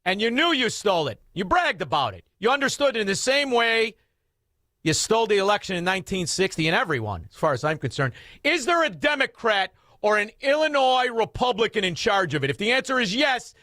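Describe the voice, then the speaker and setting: A man's voice: high-pitched, big pitch swings, fairly quick, sharp tone, no echo, studio quality. A man hosting a radio talk show, ranting in a combative, sarcastic way.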